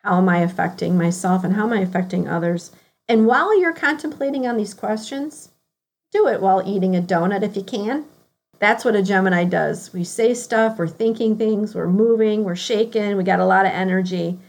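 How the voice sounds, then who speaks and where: A woman with a Midwestern American accent hosting a reflective motivational podcast, earnestly posing one question after another and slowing down on key words. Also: medium pitch, darkish tone. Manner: earnest, asks herself a string of questions, slows on key words. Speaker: podcast host.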